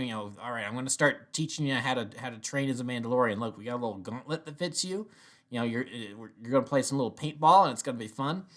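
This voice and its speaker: A man's voice: medium pitch, fairly bright tone. A man in the middle of his range talks through a show review in a loose, rambling way. He chuckles often and restarts his sentences a lot. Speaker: TV episode reviewer. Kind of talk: casual spoken review.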